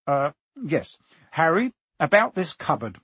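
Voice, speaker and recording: A man plays a stern, blustering middle-aged uncle in a storybook reading. He barks short, clipped orders in a slightly husky voice, with dry sound close to the mic. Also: a little high, big pitch swings, measured pace, fairly bright tone, no echo, heavily acted. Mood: curt. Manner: short, snapping commands.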